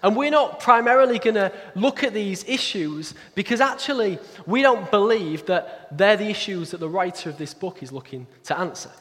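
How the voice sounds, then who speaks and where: A man giving a sermon in a conversational, self-deprecating way, with quick asides. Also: sits high, lively intonation, a bit bright. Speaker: pastor. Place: church hall. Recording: echoey church hall.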